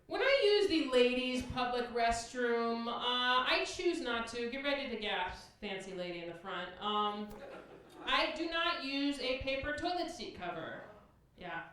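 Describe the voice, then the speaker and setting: A woman doing a stand-up set on a comedy club stage, with a dry, deadpan delivery. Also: a little high, unhurried. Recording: distant echoey club recording with hiss.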